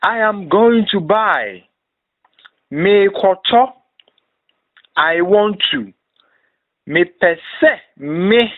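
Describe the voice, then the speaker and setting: A man with a slightly high voice narrates a beginner language lesson at a very slow, careful pace. He reads each phrase, then repeats it for pronunciation. The sound is thin and tinny, like a phone line. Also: expressive. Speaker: language teacher.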